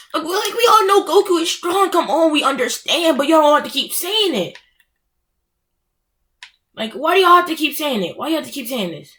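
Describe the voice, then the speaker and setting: A woman's voice: high-pitched, big pitch swings, a little fast, sharp tone. A young woman ranting casually and with exasperation, full of filler words and mocking quotes. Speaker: anime ranter. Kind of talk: casual rant.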